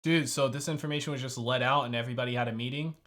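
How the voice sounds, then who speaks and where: A young man reacting to a TV episode with loud, profane, exasperated exclamations. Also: medium pitch, steady tone, racing. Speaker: video reactor. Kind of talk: reaction commentary.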